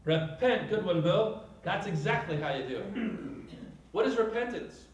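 A man's voice: sits high, lively intonation, unhurried, lo-fi sound. A man preaching a sermon with emphatic delivery and rhetorical questions, speaking to a congregation. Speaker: pastor. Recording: echoey room, mic at a distance.

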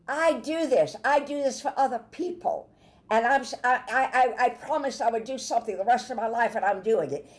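A woman preaching a Bible sermon, emphatic, with sudden loud bursts and soft asides. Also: on the high side, fairly quick.

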